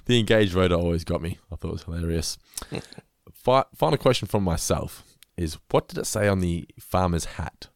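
Podcast host, male, very low voice, dry close sound, chatty quiz delivery. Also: expressive, moderate pace, no room sound. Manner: chatty, stumbles and restarts, quizzes his co-host. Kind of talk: casual podcast chat.

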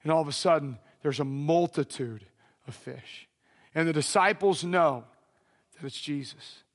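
A man's voice: on the high side, unhurried. A man preaching a sermon, dramatic and casual, acting out the voices in a Bible story. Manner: casual slangy phrasing.

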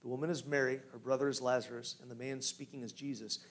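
A man preaching a sermon who moves from hushed storytelling to loud, rising exhortation and asks the congregation direct questions. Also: medium pitch, fairly even intonation, fast. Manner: guides listeners with direct questions. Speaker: pastor.

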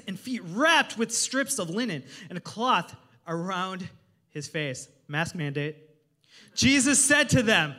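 A man preaching a sermon as a guest pastor, energetic and humorous, joking with the congregation. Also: high voice, a little slow. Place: church service in a hotel venue.

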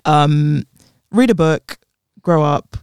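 A man's voice: on the high side, slow, clean tone, dry recording, studio quality. A young man co-hosting a casual podcast, blunt and wry, with lots of fillers. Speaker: podcast co-host. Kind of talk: casual chat.

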